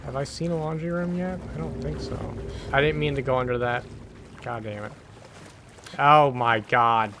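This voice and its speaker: A man plays through a horror game on stream, half muttering to himself. His voice sits a little high, and he slips dry, sarcastic jabs at the game's design in among his notes. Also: brisk, background noise. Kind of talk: casual let's-play commentary.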